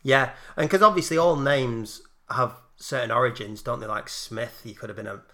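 Lancashire male co-host, very bright sharp tone, chatty and sweary. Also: medium pitch, normal speed. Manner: chatty, swears, riffs on funny names. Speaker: podcast co-host. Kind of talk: casual chat.

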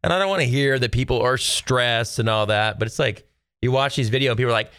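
A man's voice: medium pitch, fairly quick, a bit bright, no room sound, clean studio sound. A man in his thirties, from Texas, talking casually to viewers from home in a rambling, exasperated rant full of fillers. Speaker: solo video host.

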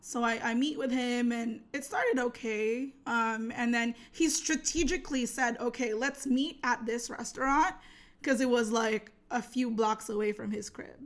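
Animated young woman telling a story. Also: on the high side, moderate pace, few pauses. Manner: animated, slangy, acts out quoted voices. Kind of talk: casual storytelling chat.

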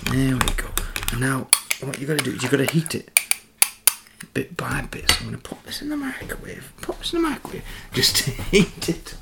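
A man in a home kitchen talking through a drink recipe in a soft, chatty, giggly whisper, with cutlery and dishes clattering. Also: medium pitch, creaky, very noisy. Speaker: ASMR creator. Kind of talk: whispered ASMR cooking demo. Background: cutlery and dish clatter.

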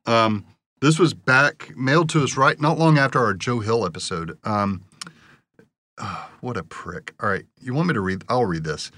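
A man's voice: medium pitch, moderate pace, pushed and bright. A man co-hosting a podcast, chatting casually and reading listener mail in a sarcastic, dry, mocking way. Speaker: podcast co-host.

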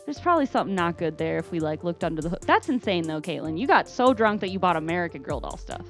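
A woman co-host with a lowish voice that jumps up and down a lot as she talks. She sounds animated, laughs easily, and swears freely while faint music plays behind. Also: fast. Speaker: podcast co-host. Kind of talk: casual chat.

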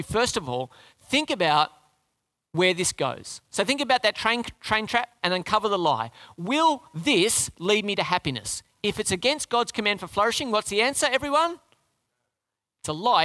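A man's voice: high-pitched, very animated, moderate pace, pushed and bright, no echo, studio quality. A man preaching a sermon, emphatic and asking the congregation rhetorical questions. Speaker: pastor.

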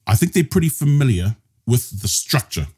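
Husky New Zealand man explaining grammar. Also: mid-range voice, very animated, normal speed, darkish tone. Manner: explanatory, mixes Māori and English. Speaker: guest language teacher. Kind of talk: casual podcast lesson.

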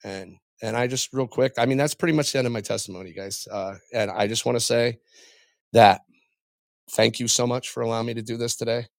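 A middle-aged man tells his faith testimony as a podcast guest, pausing and restarting often as he speaks from the heart. His mid-pitched voice has a gravelly, creaky edge. The sound is dry and close. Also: steady tone, no room sound. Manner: halting and heartfelt, with frequent pauses and restarts.

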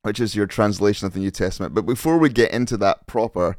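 Low-voiced Scottish man hosting. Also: fast talker, darkish tone, dry recording, studio quality. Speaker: podcast host. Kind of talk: scripted intro then casual interview.

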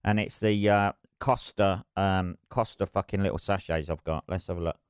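A man's voice: low voice, fairly even intonation, moderate pace, clear, resonant tone, dry recording, clean studio sound. A middle-aged man hosting his solo podcast, rambling, sweary and self-mocking. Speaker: podcast host. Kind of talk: casual solo podcast chat.

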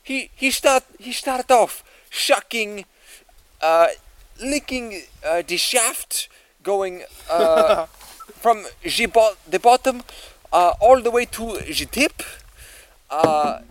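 A man putting on a thick foreign accent, slow and crude. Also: sits high, fairly even intonation, no echo, voice pushed up. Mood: crude storytelling. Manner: broken grammar, slow and drawn out.

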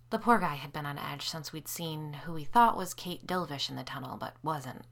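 A woman reading a first-person novel aloud, shifting her pitch and loudness to act out the characters' lines. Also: normal speed, few pauses. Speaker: audiobook narrator. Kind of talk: first-person audiobook narration.

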